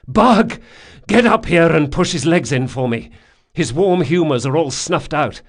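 A man voicing a burly, loyal thief who talks bluntly and forcefully in an audiobook. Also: medium pitch, expressive, normal speed, natural voice. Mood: frantic.

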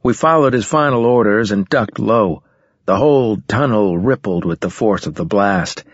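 A man reading a science fiction novel aloud in first person, in a measured, matter-of-fact way. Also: fairly low pitch, animated, husky, dry recording. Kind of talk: audiobook narration, first person. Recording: slightly dull lo-fi recording.

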